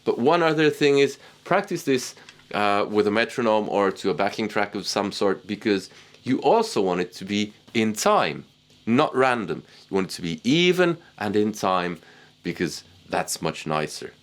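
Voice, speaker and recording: A man teaching guitar technique in a casual, relaxed way, poking fun at himself. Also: lowish voice, moderate pace. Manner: relaxed, self-deprecating, chuckles at himself. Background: guitar playing.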